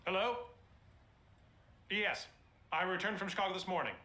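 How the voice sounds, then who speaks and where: A man's voice: sits high, normal speed. An actor playing a composed, formal businessman in a period TV drama who answers a detective politely. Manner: formal, composed, well-spoken. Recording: roomy, with loud music.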